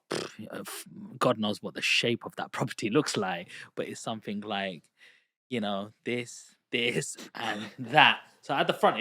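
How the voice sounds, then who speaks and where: Low-voiced man in his thirties telling stories. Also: dry recording. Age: 30s. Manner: lively storyteller who acts out quoted dialogue. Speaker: guest, property investor. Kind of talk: casual podcast interview. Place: podcast studio booth.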